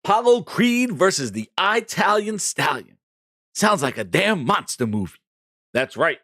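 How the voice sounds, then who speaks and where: Male stream host, loud and jokey, lively swooping delivery, dry close mic. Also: sits high, measured pace, no room sound. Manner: boisterous, laughing, swearing, reading chat shout-outs. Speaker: livestream gaming show host. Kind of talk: casual live-stream chat.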